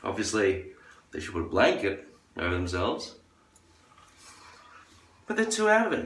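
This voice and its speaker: Low-voiced man ranting in an echoey room. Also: sing-song, a little fast, long pauses, fairly bright tone, a little hiss or hum. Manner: crude, profane ranting; acts out others in a high falsetto. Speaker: vlogger. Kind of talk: rambling monologue. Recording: echoey room, far from the mic.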